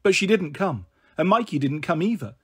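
A man reading a children's novel aloud as narrator, in a plain, steady storytelling manner. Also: fairly high pitch, moderate pace, slightly rough.

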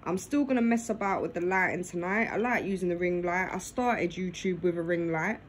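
This woman talks fairly quickly in a lowish voice, vlogging over dinner from her living room with the phone in her lap. Nearly every phrase gets a "yeah?" tacked on. Slight background noise and rough audio quality come through.

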